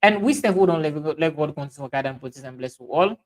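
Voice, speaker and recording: With a slightly high, expressive voice captured on a rough recording, a Sierra Leonean livestream host chats casually and goes through viewer comments. His Krio accent comes through as he mixes Krio and English, stumbling along with frequent fillers and restarts.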